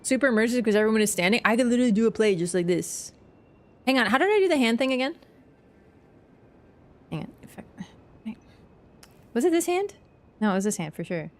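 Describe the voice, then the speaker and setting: A woman's voice: on the high side, lively intonation. Giggly young woman streamer. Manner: giggly, quick, self-mocking, frequent laughs. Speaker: livestreamer. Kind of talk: casual game-stream chat.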